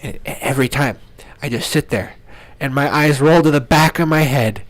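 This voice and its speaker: A man's voice: medium pitch, moderate pace, no echo. A young man on a podcast, chatting casually and ranting about a classmate, laughing often and mocking people with put-on voices. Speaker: podcast co-host. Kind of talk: casual chat.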